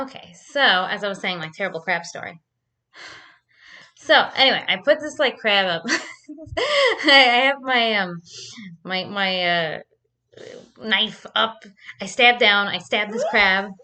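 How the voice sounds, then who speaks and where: A woman's voice: mid-range voice, a little slow, pauses often, sharp tone, slight background noise. Profane, rambling woman vlogger. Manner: rambling, profane storytelling with frequent likes. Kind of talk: casual chat to camera.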